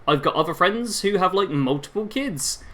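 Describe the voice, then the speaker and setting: A man's voice: sits high, expressive, normal speed, a bit bright. A man in his twenties chatting casually with his viewers while playing a game, rambling and reacting to the action mid-sentence. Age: 20s. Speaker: gaming livestreamer.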